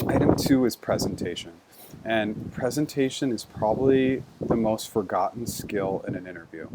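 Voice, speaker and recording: Against very noisy audio, a man with a lowish voice teaches job interview skills as a career coach. His instruction is conversational yet structured, moving through numbered points.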